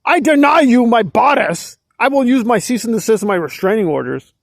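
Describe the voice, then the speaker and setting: A man's voice: extremely high pitch, expressive, a little fast, no echo, studio quality, pitched above the performer's own voice, exaggerated voice. A man putting on a mocking voice of an indignant, haughty woman with exaggerated outrage. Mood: shrill.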